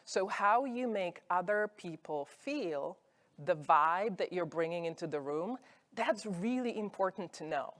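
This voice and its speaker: A woman's voice: on the low side, animated, unhurried. A woman speaking on stage at an industry event, giving a conversational motivational talk and acting out her own thoughts as examples. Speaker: conference speaker.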